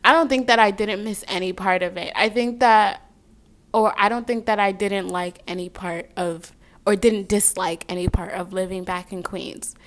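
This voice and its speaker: A woman's voice: medium pitch, fairly even intonation, moderate pace, a bit bright. A young woman giving a casual tarot reading, chatty and rambling, drifting off on tangents between the cards. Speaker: tarot card reader.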